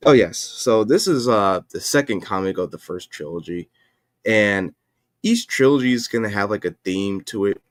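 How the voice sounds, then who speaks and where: A man's voice: lowish voice, expressive, moderate pace, dry recording, studio quality. A man chatting casually on his livestream, rambling and often correcting himself with lots of fillers. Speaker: livestream host and comic creator.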